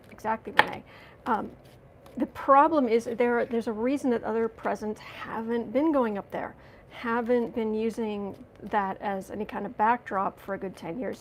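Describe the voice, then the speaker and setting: Woman rambling sarcastic on a tarot stream, kinda high voice, faint hiss behind. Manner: chatty, sarcastic, reads out viewer comments. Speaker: tarot reader and livestream host. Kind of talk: casual livestream chat reading viewer comments.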